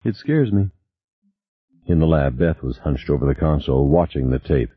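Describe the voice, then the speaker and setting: A man reading a novel aloud as narrator, in an expressive style. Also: a bass voice, brisk, no room sound. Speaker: audiobook narrator. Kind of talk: scripted narration. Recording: dry, tinny phone-like sound.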